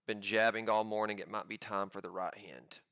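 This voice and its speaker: A man giving live commentary on his own trades, pumped up and talking in quick excited bursts. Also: lowish voice, clear, resonant tone, dry recording, studio quality. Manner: hyped, pumped-up chatter with sudden bursts.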